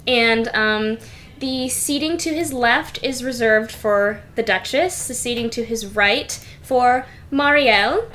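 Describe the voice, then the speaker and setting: A young woman narrating a tabletop game as game master in a relaxed, filler-heavy way. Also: on the high side.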